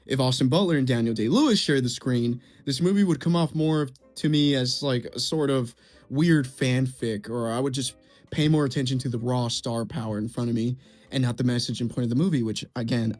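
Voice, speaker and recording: A man's voice: medium pitch, brisk, a little mellow, soft background music. A young man giving heated film commentary, swearing and repeating himself as he rants. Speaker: video essay creator.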